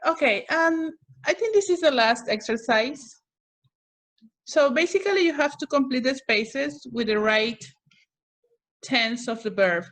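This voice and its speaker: A woman's voice: high-pitched, animated, measured pace, fairly bright tone. A woman English teacher running an online class over a video call, patiently calling on students by name.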